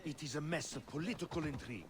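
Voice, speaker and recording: A man's voice: a little high, quick pace, close to an everyday voice. An actor playing a secretive young male scholar in hiding, speaking in an earnest, urgent way. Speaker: scholar, Aya's cousin. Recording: reverberant game audio with background noise.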